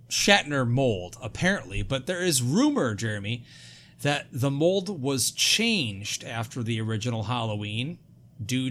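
A man hosting a podcast in casual chat, excitable, jokey and full of swearing. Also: medium pitch, a little hiss or hum. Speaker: podcast host.

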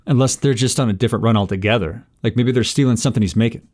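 A man playing a tabletop game, reasoning through the situation out loud. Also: mid-range voice, rapid-fire. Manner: reasoning things out aloud. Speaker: player. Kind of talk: casual game chat.

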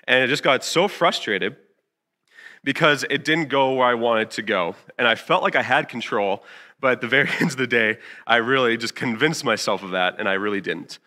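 A man in his twenties giving a casual church sermon, candid and chatty, filling gaps with fillers and acting out his own past lines with big jumps in pitch. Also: brisk, pushed and bright. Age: 20s. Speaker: youth pastor.

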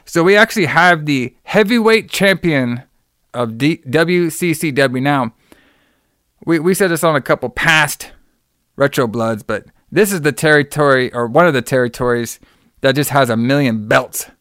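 A male podcast co-host in casual chat, telling stories with animated energy and swearing freely. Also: fairly high pitch, normal speed, dry recording, studio quality.

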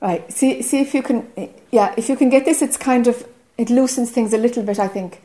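Irish woman teaching a group, kinda high voice, earnest, keeps asking do you see. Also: fairly quick, mellow. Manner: earnest, checks understanding often. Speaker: spiritual teacher. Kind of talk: satsang teaching talk.

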